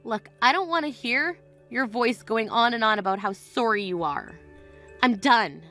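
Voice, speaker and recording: A woman's voice: a little high, animated, moderate pace, bright, forceful tone, soft background music. A woman voicing an indignant young bride who answers with cutting firmness in a voiced text-story drama. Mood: cold firm.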